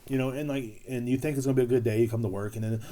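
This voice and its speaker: A man's voice: medium pitch, steady tone, rapid-fire, warm tone. A young adult man, rambling sarcastically and profanely through a solo podcast monologue, full of fillers. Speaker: podcast host.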